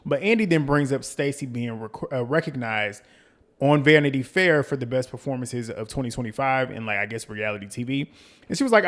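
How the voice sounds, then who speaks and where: A man with a Southern twang from North Carolina talks through a reality show episode like he's telling a friend. He is chatty and gossipy, and he jumps into quick voices when he quotes the cast. His voice sits at an everyday middle pitch. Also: animated. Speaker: reality TV recap host. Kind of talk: casual recap and commentary.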